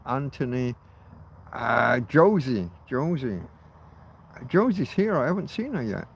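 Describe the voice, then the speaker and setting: A man's voice: mid-range voice, vocal fry. A middle-aged man hosting a casual livestream outdoors at night. He rambles, muses aloud and swears offhandedly. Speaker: livestream host.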